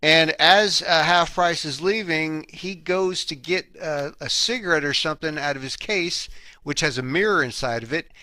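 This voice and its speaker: Chill guy recapping a movie on a podcast, bright high voice, slangy. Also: moderate pace, no echo. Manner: laid-back, slangy, retells scenes at length. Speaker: podcast co-host. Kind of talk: casual movie recap chat.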